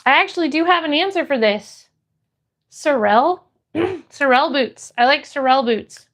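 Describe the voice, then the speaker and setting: A woman's voice: lively intonation, a little slow, a bit bright. Bubbly woman greeting her live chat. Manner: bubbly, greets viewers in high bursts. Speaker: streamer reading chat. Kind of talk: casual live-stream chat.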